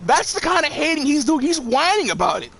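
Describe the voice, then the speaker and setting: A man's voice: very high-pitched, very animated, fairly quick, creaky, a bit bright, faint music behind. A young man streaming a game, rambling profanely with lots of restarts and laughs. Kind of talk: casual commentary while gaming.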